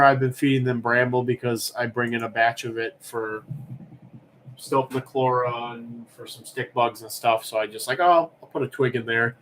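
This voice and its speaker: Guy hosting a bug auction stream, casual and rambly, average pitch. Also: a little hiss or hum. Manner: rambling, chatty, reads chat aloud. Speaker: livestream auction host. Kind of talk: casual livestream chat.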